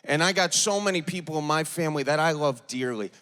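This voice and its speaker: A man in his thirties with a Wisconsin accent, doing animated stand-up storytelling on a large theater stage. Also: fairly high pitch, fast talker. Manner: animated, shouting punchlines. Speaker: stand-up comedian. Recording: live theater, long reverb, crowd.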